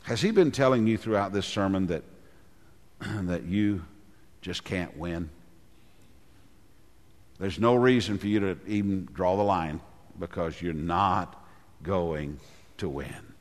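A man's voice: slow, long pauses. A preacher man in a reverberant church. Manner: dramatic preaching, voices the giant in low taunts; clears throat often. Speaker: pastor. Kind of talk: sermon. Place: church sanctuary. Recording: long hall reverb.

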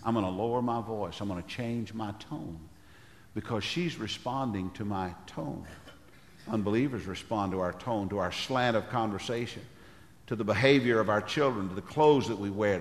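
An older man preaching a sermon as pastor, with a big, loud voice, often clearing his throat. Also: lowish voice, echoey room, long reverb tail.

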